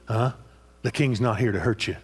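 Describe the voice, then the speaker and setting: A man's voice: fairly low pitch, moderate pace. A man preaching a sermon with passion, repeating phrases and prodding his listeners with "huh?" after each point.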